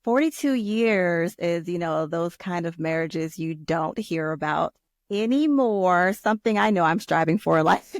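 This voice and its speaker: A woman's voice: on the low side, a little slow, no echo, clean studio sound. Rambling, empathetic woman host. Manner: warm-hearted, rambling questions with many fillers. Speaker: podcast host. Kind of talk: interview.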